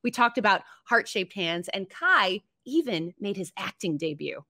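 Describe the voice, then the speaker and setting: Woman host reading the countdown, bright crisp voice, dry close sound. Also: medium pitch, big pitch swings, moderate pace, no room sound. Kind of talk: scripted narration.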